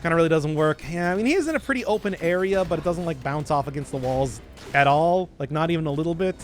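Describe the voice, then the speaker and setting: A man's voice: fairly high pitch, fast talker, faint music behind. A man giving casual, joking commentary while playing a video game, often teasing himself. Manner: playful, joking, self-deprecating. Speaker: gaming streamer.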